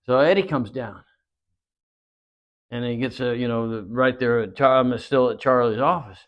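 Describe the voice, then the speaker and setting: A medium-pitched man talking at normal speed tells long wrestling-career stories in an interview. The telling rambles, with plenty of fillers and dialogue he acts out, and the recording is dull and lo-fi.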